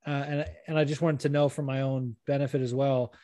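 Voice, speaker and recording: A young man co-hosting a casual chat, telling stories in an animated way and acting out what others said. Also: medium pitch, fairly quick, dry recording. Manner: animated storytelling, acts out quotes. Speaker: podcast co-host.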